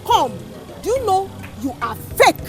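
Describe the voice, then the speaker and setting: A woman's voice: very high-pitched, sing-song, measured pace, a little mellow, soft background music, full character voice. An actress playing a suspicious businesswoman who exclaims a lot and accuses easily. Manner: suspicious, exclaims often, then fawning. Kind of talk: comedy film acting.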